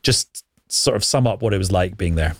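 A man hosting a news podcast, steering the conversation with relaxed questions. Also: sits low, normal speed, no echo, clean studio sound. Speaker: podcast host.

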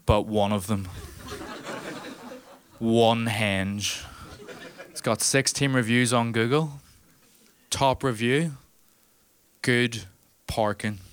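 A man's voice: medium pitch, slight background noise. A man with a Northern Irish accent doing a stand-up comedy set, punchy and teasing the audience. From Northern Ireland.

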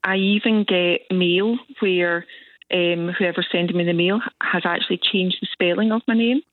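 A woman's voice: lowish voice, steady tone, moderate pace, no room sound. A woman with a Scottish accent calling in to a radio show, chatty and amused. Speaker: caller. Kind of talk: phone-in chat. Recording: tinny phone line.

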